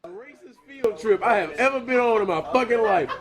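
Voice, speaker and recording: A man from Alabama, telling a profane comic story in an animated, laughing way. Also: sits high, a little fast. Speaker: storyteller in a viral video. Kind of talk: comedic story told to an audience. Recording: audience laughter behind. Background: crowd laughing.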